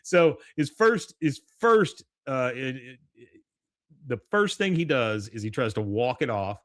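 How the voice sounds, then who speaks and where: A man's voice: medium pitch, lively intonation, a little slow, fairly bright tone, no room sound, studio quality. A man co-hosting a podcast, casually retelling episode scenes and quoting lines between laughs. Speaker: podcast co-host. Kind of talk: casual episode recap chat.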